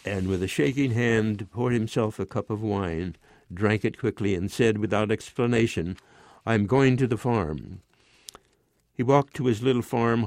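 A man in his nineties reading his own short story aloud in a measured, unhurried way. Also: lowish voice, a little mellow, dry recording. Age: 90s.

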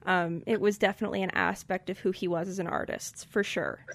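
A woman's voice: mid-range voice, fairly even intonation, a little fast, vocal fry, dry recording. American woman host from Colorado, dry sound. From Colorado, USA. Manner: thoughtful, with fillers. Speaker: podcast host. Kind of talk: casual chat and poetry reading.

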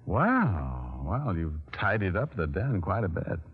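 A man's voice: deep voice, huge pitch swings, takes it slowly, breathy edge, heavily acted. A man playing a cocky, wisecracking private detective in an old radio drama, with a teasing manner. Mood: accusing. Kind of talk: 1940s radio drama acting. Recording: muffled old radio broadcast.

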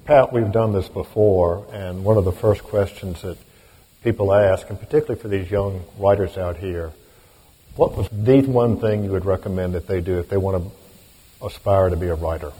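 Male radio host, very low voice, measured formal delivery. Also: mellow, slight background noise. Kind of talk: interviewing and introducing.

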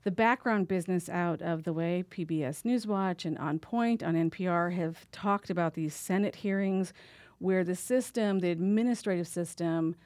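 A woman's voice: lowish voice, moderate pace, a little mellow, no room sound. Woman radio host, dry studio sound. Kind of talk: radio interview.

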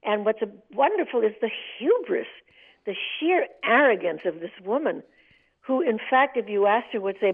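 Older actress on a tinny phone line. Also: female voice, a little high, moderate pace. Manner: animated, laughing, storytelling. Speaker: guest, actress. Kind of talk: interview on a call.

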